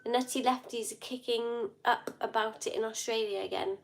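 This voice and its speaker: A woman's voice: a little high, fairly even intonation, moderate pace, gravelly, background noise. A woman from Wales co-hosting a casual live stream from home, chatty and matter-of-fact. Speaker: co-host.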